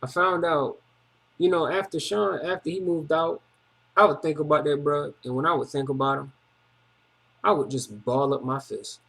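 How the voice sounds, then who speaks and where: A man's voice: fairly high pitch, steady tone, moderate pace, gravelly, fairly bright tone. A man vlogging a personal story in a casual, rambling monologue, agitated, repetitive and full of slang.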